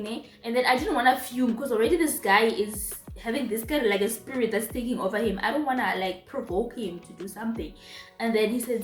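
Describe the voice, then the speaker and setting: Animated Zimbabwean woman, echoey room. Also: fairly high pitch. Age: young adult. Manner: animated, emphatic repetitions. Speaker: vlogger. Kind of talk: casual storytime. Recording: roomy echo, faint music.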